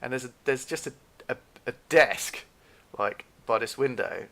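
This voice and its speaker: A man telling a story in a casual, animated rant, repeating himself and acting out what people said. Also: mid-range voice, unhurried, creaky. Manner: animated, repeats himself, acts out quoted dialogue.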